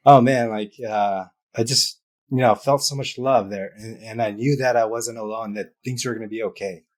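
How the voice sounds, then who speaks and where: A man with a fairly low voice shares a painful story as a guest on a business interview show. He talks openly and from the heart, leaning on fillers as he goes. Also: fairly even intonation, normal speed. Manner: open and heartfelt, many fillers. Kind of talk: emotional personal story in interview.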